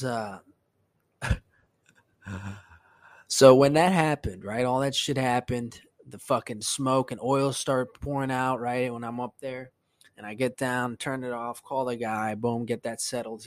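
A man hosting a casual solo podcast, telling a story in profane, animated bursts that climb into a rant. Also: medium pitch, moderate pace, no room sound. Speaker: podcast host.

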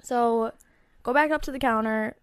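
A young woman telling a story in a casual chat, animated and laughing often. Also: on the high side, normal speed, a crowd in the background. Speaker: guest.

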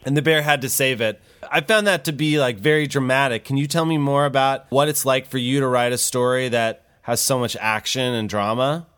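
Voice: medium pitch, steady tone, brisk, hardly any pauses, a bit bright, clear, resonant tone, no echo, studio quality. An adult host with an upbeat, encouraging manner, interviewing a young guest in a casual chat and laughing easily. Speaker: host interviewing a child author.

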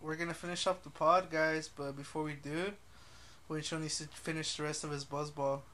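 A man's voice: a little high, flat delivery, moderate pace, pushed and bright. Blunt, joking young man swearing freely. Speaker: podcast host. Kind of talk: casual chat.

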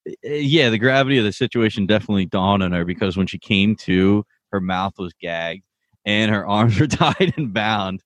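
A man's voice: fairly low pitch, animated, normal speed, no room sound. A man co-hosting a casual podcast, laid-back and laughing often. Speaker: podcast co-host.

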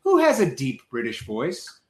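A man in casual podcast chat, animated and quick to joke. His pitch swings widely as he talks. The room around him rings with echo. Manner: animated, does comic impressions. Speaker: podcast co-host.

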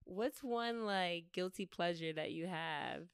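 Podcast host: young woman, playful and slangy, clean smooth tone, dry close mic. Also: lowish voice, takes it slowly, dry recording. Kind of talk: casual podcast interview.

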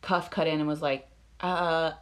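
A woman's voice: on the low side, normal speed, fairly bright tone. A woman co-hosting a podcast, casually recounting a crime story with lots of fillers and frank swearing. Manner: filler-heavy, swears freely, laughs often. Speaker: podcast co-host. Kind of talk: casual true-crime chat.

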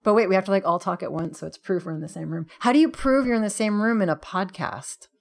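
A woman's voice: medium pitch, fast talker, gravelly. Giggly woman hosting a podcast. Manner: giggly, playful. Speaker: podcast host. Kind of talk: casual chat.

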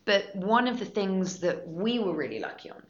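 In a podcast interview, a guest voice actress talks with eager, effusive energy, repeating herself often. Her mid-range voice swings widely in pitch at a moderate pace, and the recording sounds dull, lo-fi and echoey.

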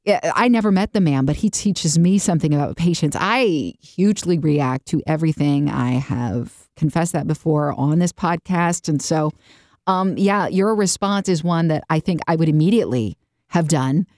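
A woman hosting a faith-based podcast, chatting and telling stories with animated, lively delivery and quick jumps into voices. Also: low voice, dry recording, studio quality. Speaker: podcast host.

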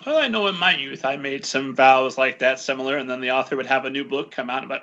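A man hosting an interview, chatty and halting, with many fillers as he asks questions. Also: mid-range voice, pushed and bright, lo-fi sound. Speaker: podcast host interviewer. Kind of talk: interview conversation.

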